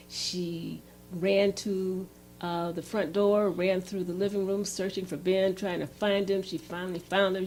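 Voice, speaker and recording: A woman presenting a relationship workshop who tells an example story in a lively, animated way. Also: fairly low pitch, a little hiss or hum. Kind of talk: storytelling lecture.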